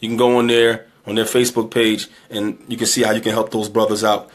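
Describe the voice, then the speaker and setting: With a fairly low voice, a level tone and a fairly quick pace, an emotional, exhausted man delivers his closing plea to the community for donations. It's an impassioned exhortation marked by repetition and pleading questions.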